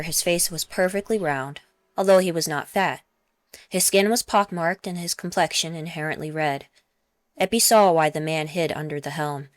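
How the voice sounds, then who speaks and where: A woman narrating her own novel at a steady, measured pace. Her voice sits low, and the recording is close and dry with no room sound. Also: no room sound. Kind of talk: audiobook narration.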